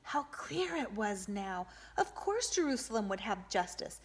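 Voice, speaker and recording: A woman reading a novel aloud as an audiobook, with expressive narration. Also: a little high, unhurried. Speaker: audiobook reader for a homeschool group.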